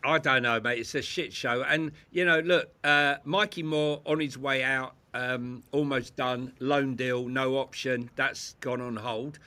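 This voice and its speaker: A man's voice: mid-range voice, steady tone, unhurried, few pauses, pushed and bright. A man co-hosting a football fan chat, incredulous and sarcastic, often laughing. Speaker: co-host. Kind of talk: casual chat.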